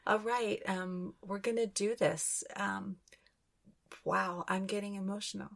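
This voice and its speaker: A woman hosting a podcast, describing inner visions in a slow, dreamy channeling session. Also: medium pitch, little pitch movement, vocal fry. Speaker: podcast host.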